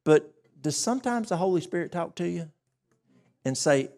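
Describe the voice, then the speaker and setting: Gravelly-voiced man, health workshop presenter at a church, animated storyteller who acts out the dialogue. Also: on the high side, normal speed.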